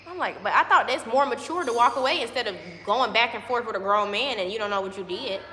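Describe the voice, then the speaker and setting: A young woman telling a childhood story in casual, emotional chat, animated and acting out the voices of others. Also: a little high, fast. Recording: echoey roomy hall with faint noise.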